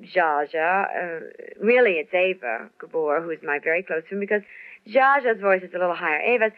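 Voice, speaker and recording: A woman's voice: on the low side, a little fast. A woman entertainer chatting in a radio interview, rambling, laughing and using lots of fillers. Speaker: entertainer guest. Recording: tinny old radio broadcast.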